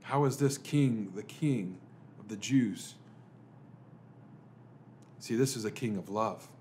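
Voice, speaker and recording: A man, a pastor, delivering a dramatic sermon full of rhetorical questions, swinging between emphatic lines and hushed ones. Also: fairly low pitch, slow, a little hiss or hum. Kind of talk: dramatic Good Friday sermon.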